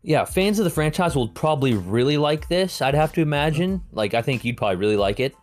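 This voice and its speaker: A man's voice: fairly high pitch, lively intonation, fast talker, soft background music. A man co-hosting a film review podcast, chatting casually with lots of fillers and the odd swear word. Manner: rambling, filler-heavy and profane. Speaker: podcast co-host reviewing films. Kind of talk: casual chat.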